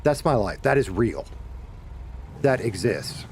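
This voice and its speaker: With a medium pitch that swings hugely, a measured pace, vocal fry, and long pauses, a middle-aged man from the Deep South chats with his viewers while gaming. He rambles, corrects himself, and curses at times in his Southern accent, with slight background noise behind him.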